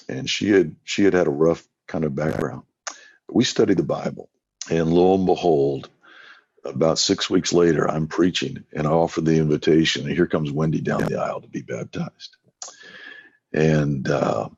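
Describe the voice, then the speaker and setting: Very low gravelly man, husky, storytelling preacher, dry lo-fi recording. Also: moderate pace, a little mellow, no room sound. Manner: folksy anecdotes with acted-out quotes. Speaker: evangelist guest. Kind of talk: storytelling in a podcast interview. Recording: dull lo-fi sound.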